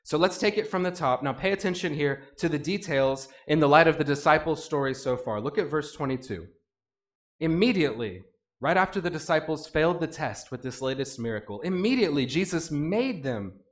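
Male pastor, slightly high-pitched, animated sermon delivery that dramatizes the quotes. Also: fairly quick. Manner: animated, acts out quoted voices with rising intensity.

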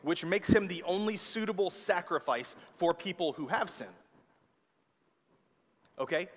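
A man's voice: high voice, expressive, unhurried, fairly bright tone. A man preaching a sermon with emphatic delivery, often checking in with his listeners. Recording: long hall reverb.

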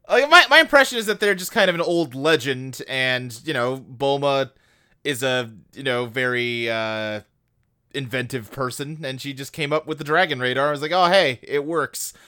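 A man's voice: medium pitch, a little slow, pushed and bright, clear, resonant tone. A man co-hosting a casual podcast, chatty and joking as he recaps, with lots of fillers. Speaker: podcast co-host.

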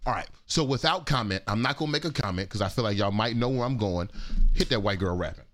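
A man's voice: on the low side, animated, fast talker, fairly bright tone, dry recording. A man hosting casual commentary on viral clips, talking in a laid-back, frank, slangy way. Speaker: commentator host.

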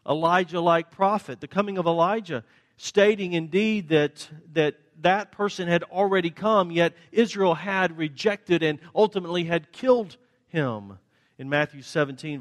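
A male pastor preaching a sermon, swinging between loud, raised questions and quiet, low answers as he acts out the exchange. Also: long reverb tail.

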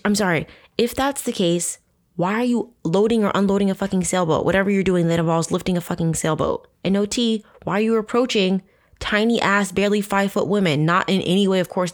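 A woman hosting a true crime podcast, reading accounts and adding sarcastic, profane asides. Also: fairly low pitch. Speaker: podcast host.

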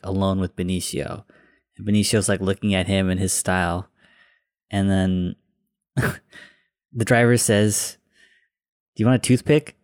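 A man co-hosting a casual movie podcast, relaxed and chuckling as he retells scenes. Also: low-pitched, no echo, studio quality. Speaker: podcast co-host.

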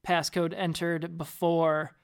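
A woman's voice: fairly low pitch, flat delivery, slow, clean tone. A woman co-hosting a podcast in casual tech chat, hesitant and often repeating words as she starts a sentence. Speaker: podcast co-host.

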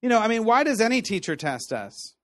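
A man preaching a sermon in a conversational, animated storytelling way, laughing now and then. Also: sits high, brisk, no room sound, clean studio sound. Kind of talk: sermon teaching.

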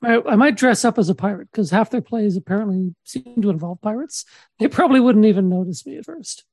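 A man from Saskatchewan co-hosting a comedy podcast, deadpan and halting with many restarts. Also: high-pitched, creaky, breathy edge, no echo. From Saskatchewan, Canada. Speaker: podcast co-host.

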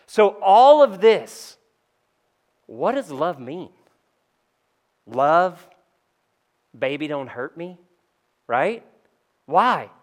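A man's voice: fairly high pitch, very animated, drawn-out words, long pauses. A man preaching in a church, talking casually with the congregation and joking about himself. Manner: conversational, asks the room "right?" often; self-deprecating humor. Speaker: pastor. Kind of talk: sermon.

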